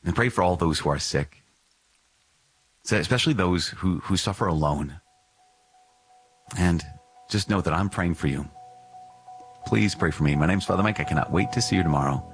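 A man, a priest, closing with a prayer and a gentle, earnest sign-off. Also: sits low, moderate pace, pauses often, soft background music, low-quality recording.

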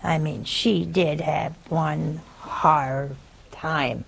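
A woman's voice: deep voice, fairly even intonation, extremely slow, creaky, husky, low-quality recording. A woman preaching a sermon, telling a story in a folksy way with asides to her viewers.

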